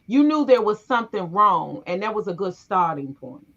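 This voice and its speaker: A woman's voice: mid-range voice, normal speed. A middle-aged woman hosting a casual talk show. She tells family stories with energy and acts out the voices of the people in them. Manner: animated storyteller, acts out voices in her stories. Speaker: podcast host. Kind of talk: casual conversation, storytelling. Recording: muffled, lo-fi recording.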